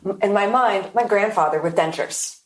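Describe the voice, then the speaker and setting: A woman hosting a podcast interview, a yoga teacher telling a story with animated asides and acted-out inner thoughts. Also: medium pitch, normal speed, reverberant. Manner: animated storytelling, acting out her own thoughts.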